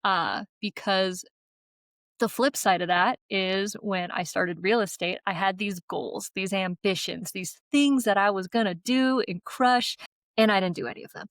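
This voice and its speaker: A woman's voice: medium pitch, a little slow, a bit bright, dry recording. A young adult woman co-hosting a podcast in casual chat, candid and swearing freely. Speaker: podcast co-host.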